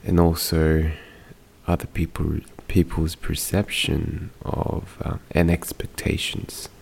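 A man hosting a casual podcast monologue, talking quietly with frequent ums so as not to wake others at home. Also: extremely low pitch, flat delivery, takes it slowly, creaky, husky. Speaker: podcast host. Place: home at night, others sleeping nearby.

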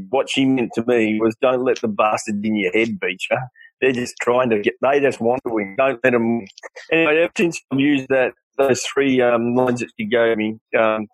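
A man's voice: medium pitch, dry recording, low-quality recording. A middle-aged Australian man, a guest in an interview, telling personal stories earnestly and quoting the people in them. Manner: earnest, animated storyteller, quotes others in his tales. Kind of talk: candid storytelling interview.

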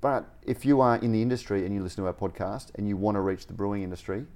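Low-voiced aussie guy co-hosting a beer podcast, rambles on, chatty. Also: steady tone, fast, darkish tone. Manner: chatty, rambling, laughs often. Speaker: podcast co-host. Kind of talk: casual podcast chat.

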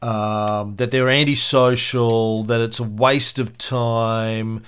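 Male podcast host, conversational storyteller, quick and loose delivery. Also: mid-range voice, fairly even intonation, a bit bright, smooth. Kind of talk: casual podcast chat.

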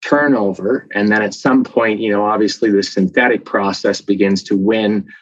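Chatty professor, dull dry recording. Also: male voice, on the low side, moderate pace, dry recording. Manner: lively, chatty explainer with frequent fillers. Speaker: professor and guest expert. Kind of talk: casual interview talk.

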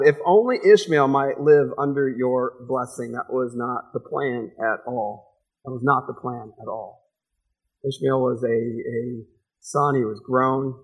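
Husky-voiced man in his forties preaching. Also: mid-range voice. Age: 40s. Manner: conversational, laughs often, acts out quotes. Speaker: pastor. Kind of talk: sermon.

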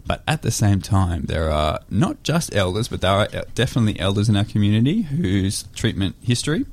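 Low-voiced young man, easygoing. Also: a little fast. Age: young adult. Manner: relaxed, reassuring, many fillers and restarts. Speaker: community organiser, guest. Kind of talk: casual conversation.

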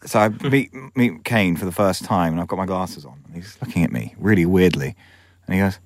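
A man, a film director, telling frank, animated anecdotes in an interview and acting out other people's voices. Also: low-pitched, a little fast, dry recording. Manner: lively storyteller who acts out the voices of others; frank, with swearing and self-corrections.

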